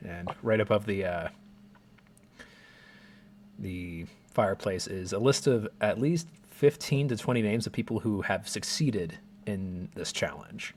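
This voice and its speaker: A man narrates a tabletop game as game master in a lowish voice. He describes each scene in an easygoing way, with many filler words. A faint room ambience sits behind him. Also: unhurried, darkish tone, a little hiss or hum.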